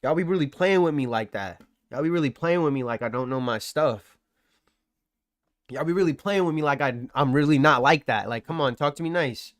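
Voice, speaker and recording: A livestream trading host talks through the charts at a fairly quick clip, ribbing his chat with slangy, boastful banter. His voice is on the higher side for a man, and the sound is dry and close with no room echo.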